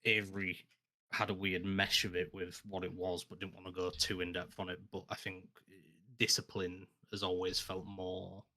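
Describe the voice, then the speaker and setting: A man as a guest in a casual podcast chat, measured and halting, stumbling over his starts. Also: deep voice, level tone, sharp tone.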